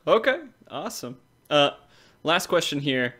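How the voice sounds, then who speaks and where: A man's voice: on the high side, lively intonation, slow, bright, forceful tone, husky. A man from Tennessee hosting a podcast, laid-back, reading out listener questions with plenty of fillers. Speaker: podcast host. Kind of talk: casual podcast chat.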